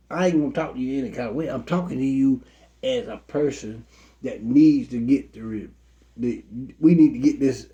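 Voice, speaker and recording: A man telling a comic story as a frustrated pastor, exasperated and animated. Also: mid-range voice. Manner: exasperated, animated, Southern Black church vernacular.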